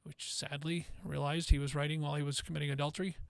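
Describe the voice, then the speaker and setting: A man with a gravelly, creaky voice talks casually on a podcast, sharing what he has been reading. His pitch stays flat and fairly high, and the sound is close and dry. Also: fast talker, dry recording. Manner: relaxed, talks through book recommendations with fillers. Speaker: podcast host, pastor. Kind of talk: casual conversation.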